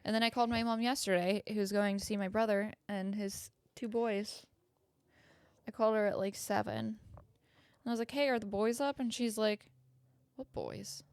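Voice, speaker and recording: A young woman co-hosting a podcast, telling animated stories in casual chat, acting out quotes and swearing freely. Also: mid-range voice, moderate pace, clean tone, dry recording. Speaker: podcast co-host.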